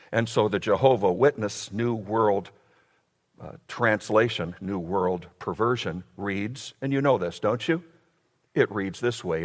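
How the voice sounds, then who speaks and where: A male pastor preaching a sermon emphatically, his delivery swinging from loud declarations to hushed lines. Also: lowish voice, a little slow, in a large hall.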